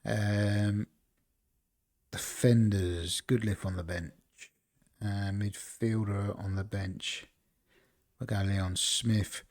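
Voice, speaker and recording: A man with a fairly low voice talks his way through a football management game on a live stream. He rambles in a relaxed, chatty way, musing aloud over team picks and breaking off to greet his viewers. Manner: rambling, chatty, talks to chat between choices. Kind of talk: casual live-stream commentary.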